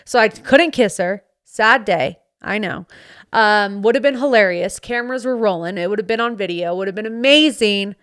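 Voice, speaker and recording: A woman hosting a podcast, telling a story in casual chat and acting out her friends' lines in quick put-on voices, recorded close on a studio mic. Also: mid-range voice, smooth. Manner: animated, acts out friends' voices in quotes. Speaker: podcast host. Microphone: studio microphone.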